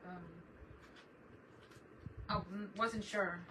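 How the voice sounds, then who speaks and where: Middle-aged woman, casual live-stream host, rambling and talkative, mid pitch, distant mic. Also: steady tone, drawn-out words, bright, forceful tone. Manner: rambling, chatty, greets viewers by name. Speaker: crafting channel host. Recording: distant mic with noticeable background noise.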